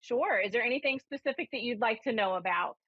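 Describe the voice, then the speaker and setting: A woman's voice: on the high side, fast talker, slightly rough, no echo. Chatty woman medium on a lo-fi broadcast. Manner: chatty storyteller, animated when quoting herself. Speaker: spiritualist minister and medium. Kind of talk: live call-in psychic reading show. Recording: dull lo-fi broadcast audio.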